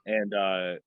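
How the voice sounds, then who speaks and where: A man's voice: lowish voice, vocal fry, a little mellow, no echo. A man co-hosting a podcast, loosely retelling a horror movie scene by scene. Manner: loose, rambling retelling with acted-out quotes. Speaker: podcast co-host. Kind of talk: casual film discussion.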